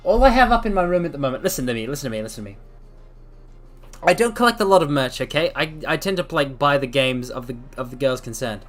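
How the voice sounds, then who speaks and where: A man's voice: mid-range voice, lively intonation, fast talker. A man streaming and chatting casually while out of breath, rambling and apologetic, repeating himself. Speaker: VTuber streamer. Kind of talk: casual livestream chat.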